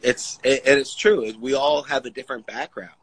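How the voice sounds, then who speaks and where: Man, husky, mid-pitched, rambling storyteller, fitness coach, interview chat. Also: normal speed, poor audio. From Italian heritage. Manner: rambling, animated storytelling with acted-out quotes. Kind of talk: conversational interview.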